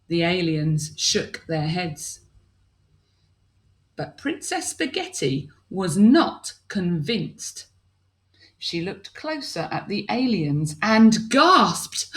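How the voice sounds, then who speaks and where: A woman's voice: on the low side, very animated, extremely slow, fairly bright tone. A woman teacher reading a picture book aloud to young children, asking them questions as she goes.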